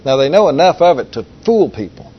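A man's voice: fairly high pitch, very animated, fairly quick, slightly rough. A man preaching a sermon in a folksy, conversational way, reading scripture and asking the audience rhetorical questions. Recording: dull lo-fi recording with faint hiss.

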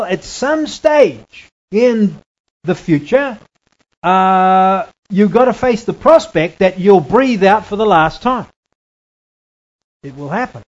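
A man teaching a Bible lesson from slides, deliberate and repetitive, often checking in with "right?". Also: high voice, muffled recording. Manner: deliberate, repeats key phrases, checks in with "right?".

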